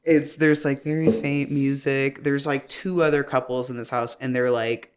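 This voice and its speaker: Animated young woman telling stories. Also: very deep voice, normal speed. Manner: animated storyteller, swears freely, laughs often. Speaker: podcast guest. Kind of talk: casual podcast chat.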